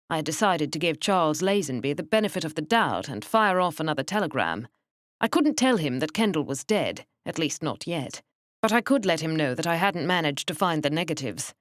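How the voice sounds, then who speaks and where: A woman narrating an audiobook in a measured, wry first-person manner. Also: deep voice, dry recording, studio quality.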